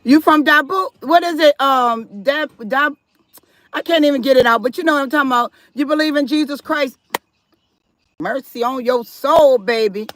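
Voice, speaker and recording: A woman's voice: high voice, moderate pace, fairly bright tone. A woman hosting a live stream, chatting casually with viewers and reading their comments aloud, firm about respect in her chat. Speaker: livestream host.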